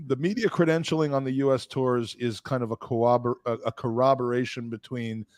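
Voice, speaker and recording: A middle-aged man co-hosting a podcast, chatting casually, animated and self-deprecating with stumbling restarts. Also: medium pitch, fairly quick, no room sound. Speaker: podcast co-host. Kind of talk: casual chat.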